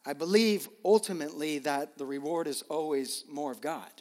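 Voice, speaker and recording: Earnest pastor in a reverberant hall. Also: male voice, a little high, moderate pace, a little mellow. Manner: earnest, emotional, repeats words. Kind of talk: sermon.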